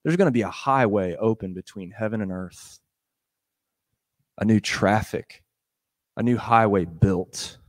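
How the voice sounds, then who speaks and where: A pastor with a fairly low-pitched voice delivers a conversational sermon, speaking a little slowly and pausing often. He retells a gospel story with animation, acting out its dialogue in different voices, and his talk is sprinkled with fillers and laughter.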